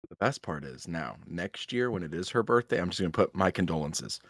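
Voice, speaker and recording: A man's voice: sits low, expressive, fairly quick, fairly bright tone, husky, no echo, clean studio sound. A man co-hosting a podcast, telling a rambling, self-mocking story in casual chat, swearing and laughing at himself. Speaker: podcast co-host.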